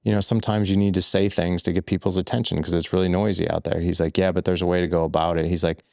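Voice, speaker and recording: A man with a very low voice and a gravelly edge, sitting as a podcast guest. He tells his story loosely and candidly, repeating "like" and "I was like". The sound is dry and close. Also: little pitch movement, fast talker, dry recording. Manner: loose and repetitive, full of "like" and "I was like". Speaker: podcast guest, fatherhood coach.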